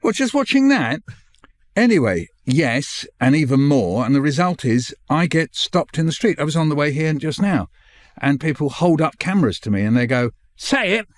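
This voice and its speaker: An older man, a guest on the show, telling a lively anecdote and acting out the voices of the people in it. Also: a little high, moderate pace, dry recording. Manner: animated, acts out voices in his stories. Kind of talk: anecdotal storytelling.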